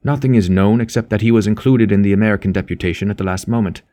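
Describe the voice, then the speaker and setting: Audiobook role: man reading as a restrained young politician, low and mellow, curt. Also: fast, lightly acted. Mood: subdued.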